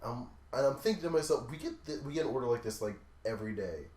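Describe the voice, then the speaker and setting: A young man casually telling long, profane work stories on a podcast, acting out the quotes loudly. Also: medium pitch, quick pace. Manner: profane, animated storyteller who acts out quotes loudly. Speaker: podcast co-host. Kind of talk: casual storytelling chat. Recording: echoey room.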